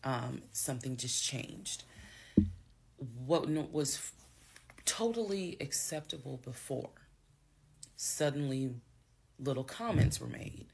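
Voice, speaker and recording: A woman with hiccups calmly telling the story of her marriage in a measured, steady way, with pauses and fillers. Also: extremely low pitch, vocal fry, a little hiss or hum. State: has the hiccups. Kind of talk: storytelling monologue.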